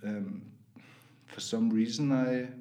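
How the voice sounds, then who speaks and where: A man's voice: mid-range voice, fairly even intonation, takes it slowly, mellow, reverberant. A man from Austria, a painter, talking as a podcast guest, hesitant and searching for words with many fillers. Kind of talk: casual interview chat.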